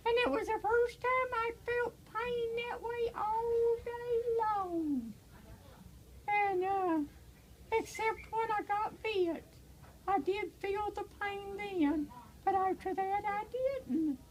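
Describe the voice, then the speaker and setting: An older woman, an evangelist, telling her personal testimony in a halting way with many pauses and fillers, turning tearful in places. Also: very high voice, a little hiss or hum, low-quality recording.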